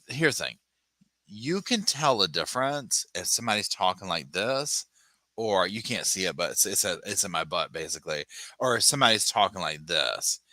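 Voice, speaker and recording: A man's voice: mid-range voice, no echo. A man hosting a true crime livestream, chatting casually, reading viewer comments aloud and acting out the people he talks about in exaggerated voices. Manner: animated, sassy, mimics people in exaggerated voices; reads viewer chat aloud and thanks supporters.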